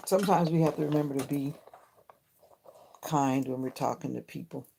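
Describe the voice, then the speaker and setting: A woman's voice: very deep voice, normal speed, vocal fry, dark tone, slight background noise. A woman hosting a late-night livestream from home, praying and then chatting directly with her viewers, often repeating her questions to them. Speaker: livestream host. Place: home, lit by a ring light.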